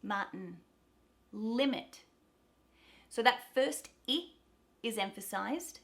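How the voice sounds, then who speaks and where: An Australian woman teaching pronunciation, repeating example words slowly and clearly. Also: on the high side, fairly bright tone. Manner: demonstrates words slowly, repeating each several times. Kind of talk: pronunciation lesson.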